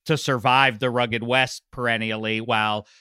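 A man's voice: mid-range voice, flat delivery, normal speed, bright, forceful tone, clean tone, no echo, studio quality. A man with a Pittsburgh accent, co-hosting a podcast, talking about sports in a rambling, self-interrupting, playful way. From Pittsburgh area. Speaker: podcast co-host. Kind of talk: casual sports chat. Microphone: video call.

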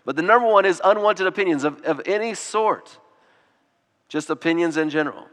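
A man's voice: sits high, a little fast, fairly bright tone. Man preaching in an echoing hall. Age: adult with children. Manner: conversational preaching with acted-out quotes. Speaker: pastor. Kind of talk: sermon.

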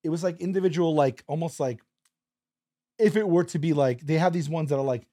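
A man telling a story as a podcast guest, animated, acting out his quotes and sometimes dropping to a whisper. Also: fairly high pitch, a little fast, no echo, clean studio sound. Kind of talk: casual storytelling.

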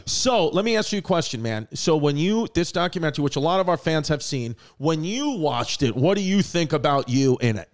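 Smooth-voiced joking podcast host man. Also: on the high side, animated, brisk, few pauses. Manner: jokey, crude, rambling tangents. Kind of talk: casual podcast chat. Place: small podcast studio.

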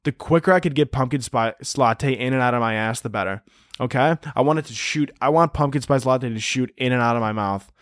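Male comic podcaster, profane and hyperbolic, average pitch, dead-dry mic. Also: a little fast, dry recording. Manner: crude, hyperbolic, deadpan-absurd ranting with frequent "dude". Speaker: podcast host. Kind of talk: comedic solo podcast rant.

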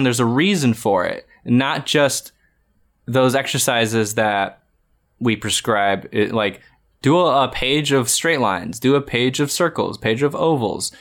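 A man in his thirties talks through drawing advice in an easy, rambling way, often restarting his sentences. His voice sits at a middling pitch. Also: fairly bright tone. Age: 30s. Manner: rambling, frequent restarts and fillers. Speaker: art podcast co-host. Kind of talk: casual chat giving drawing advice.

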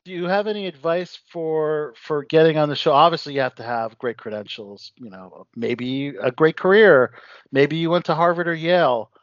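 A man's voice: a little high, normal speed, no echo. A man co-hosting an interview, asking questions in a joking, casual way. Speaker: podcast co-host. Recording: dry, lo-fi muffled audio.

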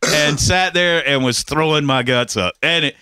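Brief: bright, lively male storyteller, laughing and profane, dry close sound. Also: on the high side, moderate pace, clear, resonant tone, dry recording. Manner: animated, laughing, profane, repeats himself. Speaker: podcast host telling a story. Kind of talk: casual storytelling chat.

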